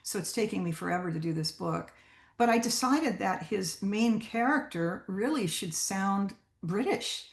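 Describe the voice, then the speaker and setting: A woman's voice: mid-range voice, echoey room. A woman voice actor talking casually to a writers' group about narrating audiobooks, chatty and full of restarts. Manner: chatty, with many fillers and restarts.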